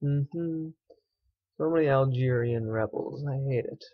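A man's voice: medium pitch, a little slow, dry recording, highs cut off. A young man giving casual, sarcastic commentary while playing a strategy game, often swearing and muttering to himself. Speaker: gaming let's player.

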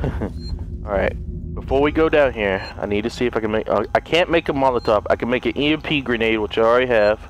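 A young man giving let's play commentary, excitable and panicky, swearing and laughing often. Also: medium pitch, brisk, lo-fi sound, slight background noise. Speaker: gaming YouTuber. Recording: game music playing behind.

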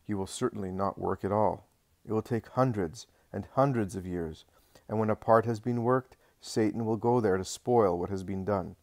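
A man reading the lines of Jesus as a calm, patient male teacher in a religious audiobook. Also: fairly low pitch, dry recording, clean studio sound, lightly acted. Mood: gently instructive. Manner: measured, patient, reassuring.

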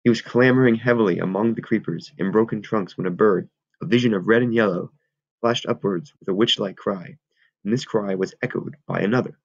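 A man reads a novel aloud in a steady, measured way. His voice is low with a gravelly fry, and the recording sounds dull and lo-fi. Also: no echo. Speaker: audiobook reader.

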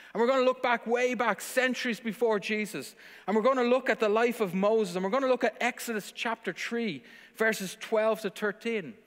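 Brief: high-pitched male pastor, earnest emphatic sermon, long church reverb. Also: fairly bright tone. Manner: earnest, emphatic preaching with rhetorical questions. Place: church service, streamed online.

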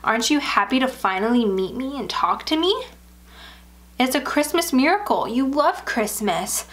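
A woman's voice: high-pitched, big pitch swings, normal speed, a bit bright, pitched above the performer's own voice. Woman voicing a deranged, clingy man in an elf costume. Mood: eager. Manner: clingy, unhinged pleading.

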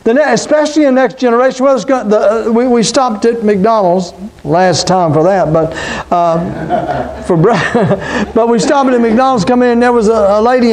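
Man, middle-aged, pastor preaching a sermon, high voice, talks to the congregation. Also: darkish tone. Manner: conversational preaching with call-outs to the congregation.

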